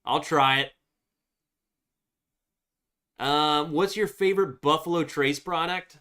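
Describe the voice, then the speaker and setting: Slow-talking man chatting about whiskey. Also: on the high side, sharp tone, clear, resonant tone. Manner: rambling, filler-heavy, baby talk to his dog. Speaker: whiskey live streamer. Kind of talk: casual live stream chat.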